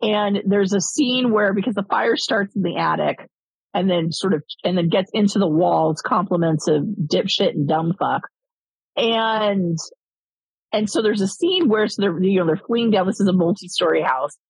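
A woman's voice: medium pitch, normal speed, gravelly, breathy edge, no room sound, rough recording. A woman co-hosting a casual film-review chat, rambling and swearing, with lots of fillers. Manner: rambling, profane, many fillers.

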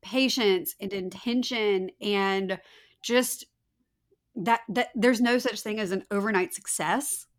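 A woman's voice: medium pitch, takes it slowly. A woman hosting a casual podcast interview, reacting to her guest with effusive encouragement. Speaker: podcast host.

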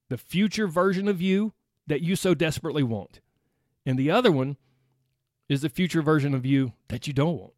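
A man's voice: a little high, moderate pace, a little mellow, no echo, studio quality. Upbeat Southern man hosting a podcast. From United States. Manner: upbeat, chatty, laughs often, talks straight to listeners. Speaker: weight loss coach podcast host. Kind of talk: solo podcast monologue.

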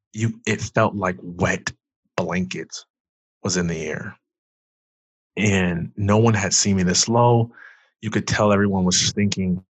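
A young man with a very low, husky voice tells a personal story with earnest conviction. He is from Detroit and speaks as a pastor on a podcast. The sound is close and dry. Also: no room sound. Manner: earnest storyteller, rises when reliving the moment. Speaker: pastor and guest. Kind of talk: emotional personal testimony.

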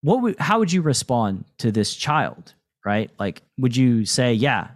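Man, podcast host, casual interview chat, reflective coaching tone, mid-pitched. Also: sing-song, measured pace. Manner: reflective, coaching tone with frequent "right?" asides.

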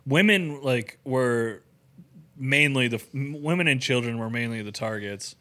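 A man's voice: mid-range voice, a little slow, bright, forceful tone. A young man co-hosting a podcast in loose, profane casual chat, full of "like" fillers. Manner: loose, swearing, filler-heavy. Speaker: podcast co-host.

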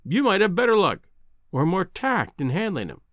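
A man voicing a brisk older male newspaper news editor, dry and clipped with a teasing edge. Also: high-pitched, big pitch swings, fairly bright tone, no echo, heavily acted. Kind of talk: audiobook character reading.

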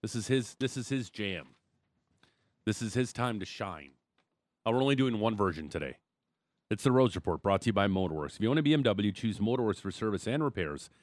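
A man's voice: lowish voice, animated, brisk, no echo. A man hosting a sports radio show, bantering casually and reading listener texts. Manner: joking, reads texts and ad reads. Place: radio studio.

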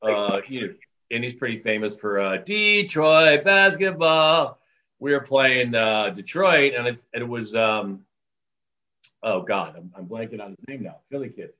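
Guy telling arena announcer stories, bright sharp voice, kinda muffled audio. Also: normal speed. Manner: animated, acts out quotes in higher voices, laughs often. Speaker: arena public address announcer. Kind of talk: casual storytelling interview.

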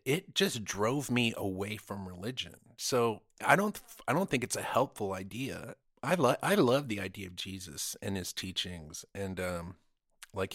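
Guy telling stories on a podcast, super lively voice, says dude a lot, dry sound. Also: lowish voice, dry recording. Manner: animated, acts out quotes, swears, says dude. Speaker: podcast guest. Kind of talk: casual storytelling chat.

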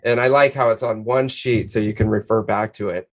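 A man's voice: lowish voice, steady tone, a little fast. A man hosting a podcast interview, effusive and full of praise. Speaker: podcast host.

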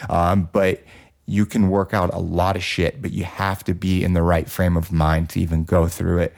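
A man's voice: low voice, flat delivery, moderate pace, creaky, a little mellow. A man hosting a casual podcast chat, telling a personal story in a loose, profane way full of fillers. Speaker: podcast host.

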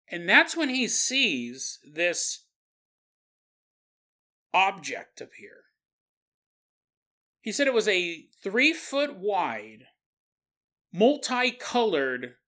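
Man, podcast host, casual storytelling, chatty asides, bright tone, slow pace. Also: sits high. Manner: conversational, digressive, with asides to the listener.

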